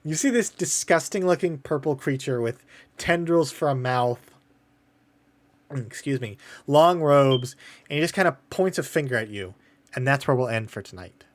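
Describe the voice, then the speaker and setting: A man's voice: medium pitch, expressive, moderate pace. Casual man narrating as game master. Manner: casual, loose, filler-heavy narration.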